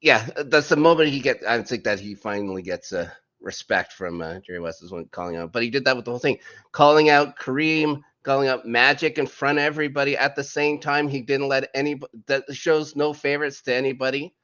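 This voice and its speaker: A man's voice: mid-range voice, a little fast, a bit bright, lo-fi sound. A man co-hosting a casual TV review podcast, rambling loosely and trailing off with vague fillers. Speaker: podcast co-host.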